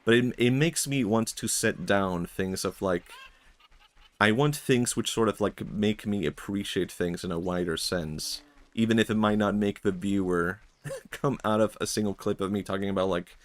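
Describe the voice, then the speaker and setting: A young man talks on his stream in a somewhat low voice. He rambles reflectively, thinking aloud with frequent chuckles, and keeps the tone loose and casual. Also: moderate pace.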